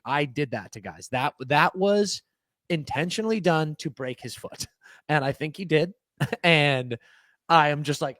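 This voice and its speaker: Animated young man in a dry studio. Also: fairly high pitch, dry recording. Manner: animated, swearing, quick restarts. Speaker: podcast co-host. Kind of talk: casual sports chat. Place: podcast studio.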